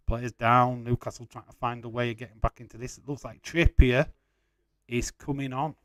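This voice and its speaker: A gravelly, mid-range man's voice, recorded without echo, leads a relaxed live watch-along. He chats with viewers, teases them over their messages, calls out match developments, and swears liberally.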